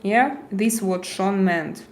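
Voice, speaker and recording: A woman's voice: medium pitch, a little mellow, a little hiss or hum. A woman with a Russian accent hosting a casual livestream, answering her chat bluntly and restarting her words as she goes. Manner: blunt, halting, repeats words while reading chat aloud. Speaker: livestream host reading chat.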